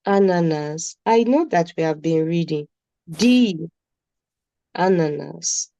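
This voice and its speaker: A woman's voice: lowish voice, lively intonation, slow, warm tone, no echo, low-quality recording. A woman with a Nigerian accent teaching a beginner German class, patiently repeating words for her students. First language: Nigerian English speaker.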